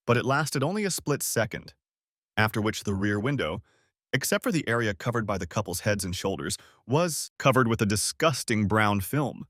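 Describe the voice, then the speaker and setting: Animated male story narrator. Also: fairly low pitch, no echo, clean studio sound. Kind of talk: first-person story narration.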